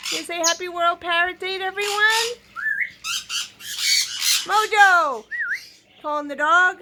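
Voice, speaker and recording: A woman with a very high voice talks slowly and fondly, slipping into sing-song baby talk as she coos at her parrots. The recording is noisy, with birds squawking and chattering all around her. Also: fairly even intonation. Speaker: parrot keeper at a home zoo. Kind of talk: casual vlog, talking to her pet birds.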